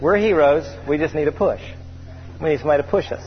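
A man with a fairly high voice preaches in a church sanctuary, drawing out his scripture readings and getting animated as he tells stories. The sound is dull and lo-fi, with a long reverb trailing off his words. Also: slight background noise. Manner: preacherly, drawn-out scripture reading, lively storytelling. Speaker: pastor. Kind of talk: sermon. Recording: dull lo-fi hall recording.

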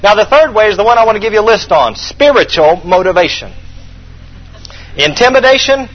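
A man's voice: high voice, expressive, a little fast, dull audio. A man preaching a sermon as pastor, emphatic and repeating his key points for the congregation to write down.

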